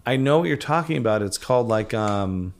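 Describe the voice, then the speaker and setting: A man hosting a podcast, chatting casually and rambling, often trailing off softly. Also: lowish voice, animated, fairly quick. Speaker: podcast host. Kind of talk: casual chat.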